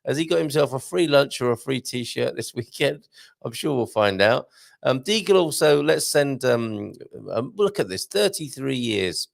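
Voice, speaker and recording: Jokey guy hosting a live stream, reading comments, voice bounces all over with a gravelly rasp. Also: mid-range voice, animated, normal speed, dry recording, clean studio sound. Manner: chatty, jokey, reads messages aloud with asides. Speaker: livestream host reading viewer comments. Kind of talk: casual live chat.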